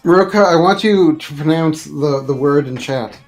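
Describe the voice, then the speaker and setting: A man's voice: on the high side, moderate pace, soft background music. A man joking in casual chat while playing a game, often stumbling over his words.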